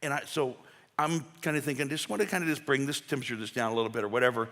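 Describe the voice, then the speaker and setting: A man's voice: mid-range voice, racing, fairly bright tone. A man preaching a conversational sermon as pastor, folksy and full of asides and restarts. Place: church sanctuary. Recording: long church hall reverb.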